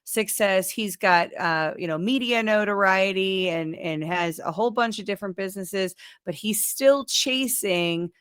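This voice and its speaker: A woman's voice: medium pitch, a little slow, few pauses, a bit bright, smooth, no room sound, clean studio sound. A woman hosting a casual political chat show over a video call, talking emphatically and pushing back in debate. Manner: emphatic and argumentative. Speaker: show host.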